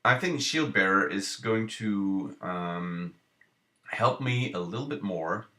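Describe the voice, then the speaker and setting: A man streaming live, thinking aloud over card game picks with halting restarts and playful self-mocking jokes. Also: lowish voice, sharp tone.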